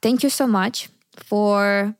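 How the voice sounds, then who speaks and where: A woman from Ukraine hosting a podcast interview, asking measured questions and giving frequent "mm-hmm" backchannels. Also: mid-range voice, fairly even intonation, clear, resonant tone, no room sound, studio quality.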